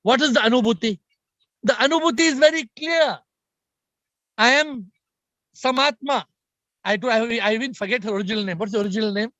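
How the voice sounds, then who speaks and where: Guy with a high voice teaching spirituality on a video call, keeps hammering his points, dry close sound. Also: brisk, pauses often, a bit bright, no room sound. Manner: emphatic, repetitive, addresses listeners directly. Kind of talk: spiritual talk on a group call.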